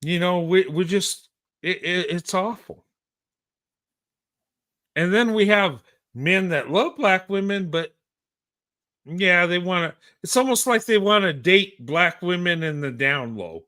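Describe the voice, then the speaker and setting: A man's voice: high-pitched, expressive, takes it slowly, long pauses, pushed and bright. A man hosting a live show, talking with emphatic, blunt passion, stammering and restarting his sentences and swearing now and then. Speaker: show host. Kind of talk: impassioned live-show commentary.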